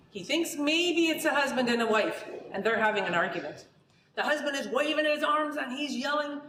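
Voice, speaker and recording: A woman telling a folk tale aloud to children and families in a lively, chatty way, with asides to the listeners. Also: fairly high pitch, a little hiss or hum. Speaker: storyteller. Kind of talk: oral storytelling for children and families. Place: community centre room before a live audience. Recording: roomy hall recording from a distance.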